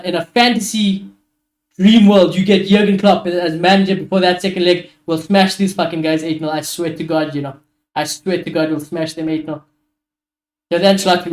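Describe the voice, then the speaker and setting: A young man, ranting animatedly and swearing as he hosts a casual football watchalong stream. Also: a little high. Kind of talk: casual live-stream chat.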